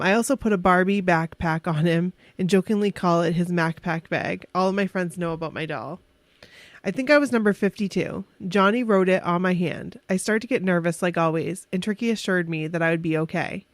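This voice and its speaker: A woman's voice: on the low side, no room sound. A woman co-hosting a casual podcast, chatty and giggly as she reads a fan story aloud, stumbling over words and correcting herself. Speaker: podcast co-host.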